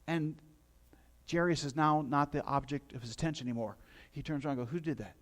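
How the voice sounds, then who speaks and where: A middle-aged man preaching a sermon with a fairly high-pitched voice. He tells the story conversationally and turns to his listeners with little asides. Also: brisk, a bit bright. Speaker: pastor.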